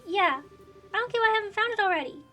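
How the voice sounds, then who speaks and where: A woman's voice: very high-pitched, animated, quick pace, bright, forceful tone, voice pushed up, exaggerated voice. A woman voicing a shy but stubborn little orphan boy who stammers and gets defensive, with faint game music behind. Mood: flustered.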